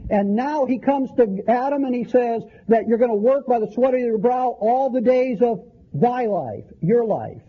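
A man's voice: very high voice, expressive, moderate pace, husky, muffled recording. A man preaching a conversational Bible-teaching sermon, often restarting phrases as he works through verses.

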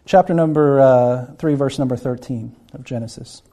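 A man's voice: medium pitch, moderate pace, mellow. A man preaching a Bible-teaching sermon, earnest and often repeating words as he acts out the people he quotes.

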